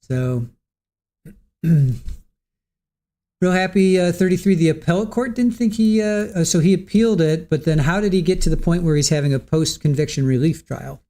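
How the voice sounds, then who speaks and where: Livestream host, male, warm and slightly high voice, unscripted and halting, mulls over viewer comments. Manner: hesitant, repeats words, thinks aloud; reads viewer comments and answers them. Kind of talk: casual commentary reading chat.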